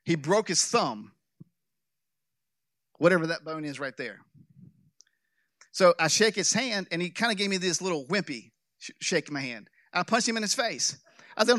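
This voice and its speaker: A man pastor preaching a sermon, telling a story with jokes and animated delivery. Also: fairly high pitch, dry recording, clean studio sound. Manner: animated, joking, with restarts.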